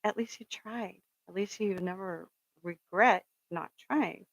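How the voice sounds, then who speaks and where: A woman's voice: mid-range voice, takes it slowly, vocal fry, no room sound, low-quality recording. A middle-aged woman, host of a spiritual reading channel, in a casual, rambling motivational talk. She fills her story with ums and earnest pep talk, and swears now and then for emphasis. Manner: rambling and storytelling, with many fillers.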